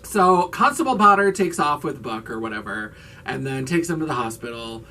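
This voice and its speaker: A man's voice: medium pitch, sing-song, moderate pace, bright, forceful tone, distant mic, a little hiss or hum. A man who hosts a video channel as a drag queen recaps a horror movie in a casual, sarcastic way, with lots of "like". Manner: chatty and sarcastic, with filler "like".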